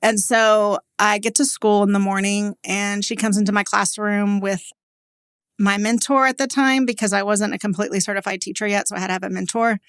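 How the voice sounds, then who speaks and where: A woman's voice: mid-range voice, steady tone, fairly bright tone, clear, resonant tone, dry recording, studio quality. Candid storytelling woman from Texas. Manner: candid and conversational, many "like" fillers, quick laughs. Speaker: guest, business owner. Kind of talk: personal storytelling in a podcast interview.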